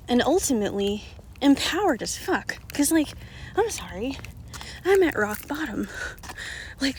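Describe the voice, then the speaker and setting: A woman frankly telling a personal story to her viewers, swearing freely and moving between hushed near-whispers and emphatic bursts. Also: fairly high pitch, a little hiss or hum. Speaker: oracle card reader and vlogger.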